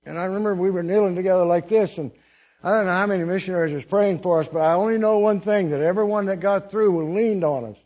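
A man's voice: high-pitched, fast talker, a little mellow, dull audio. A man preaching a sermon, telling his own testimony in an earnest, emotional way with chuckles between lines.

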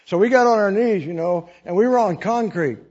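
Preacher guy telling his story, earnest and emotional, kinda raspy, sounds lo-fi. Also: high-pitched, animated, fairly quick, darkish tone. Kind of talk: sermon with personal testimony.

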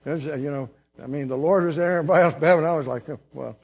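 A man's voice: on the high side, very fast, a little mellow, breathy edge, muffled recording. A man preaching a sermon, telling his own testimony in an earnest, emotional way with chuckles between lines.

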